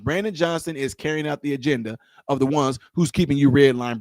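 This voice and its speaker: A man holds forth in a heated political rant to his viewers. His voice sits high for a man and is captured in a dry, close space with no room sound. He talks confrontationally, circling back to the same lines and challenging the listener with question after question. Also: dry recording. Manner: confrontational, repetitive, rhetorical questions. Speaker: political commentator.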